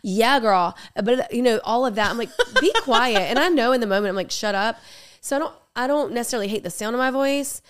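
A young woman co-hosting a podcast in casual, jokey chat, talking in quick bursts. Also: on the high side, clear, resonant tone. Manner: chatty, jokey, talks fast in bursts. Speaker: podcast co-host.

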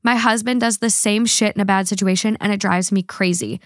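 A woman's voice: mid-range voice, fairly even intonation, brisk, dry recording, clean studio sound. A woman hosting a podcast, a little drunk, rambling through online comments with lots of fillers and slips. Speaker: podcast host. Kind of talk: casual chat reading online comments.

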